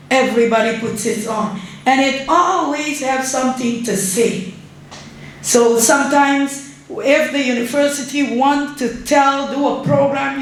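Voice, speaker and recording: A middle-aged woman from Suriname, giving an unhurried, conversational guest lecture as an ambassador and often checking in with her audience. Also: on the high side. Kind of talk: public lecture. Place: large university lecture hall. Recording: very echoey hall, faint room ambience.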